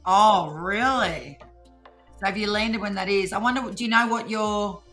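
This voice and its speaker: Bright-voiced Australian woman, chatty. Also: mid-range voice, normal speed, faint music behind. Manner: chatty, teasing, laughs often, Aussie slang. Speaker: co-host of a live tarot reading stream. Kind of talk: casual live-stream chat.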